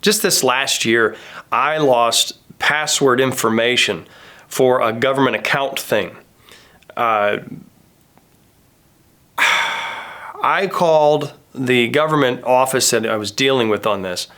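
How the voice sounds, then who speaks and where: A male pastor in his thirties preaching in a loose, conversational way. He tells everyday stories and slips into quick impressions of the people in them. His voice sits in an ordinary middle pitch. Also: sharp tone. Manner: casual, storytelling, acts out quoted voices. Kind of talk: conversational sermon.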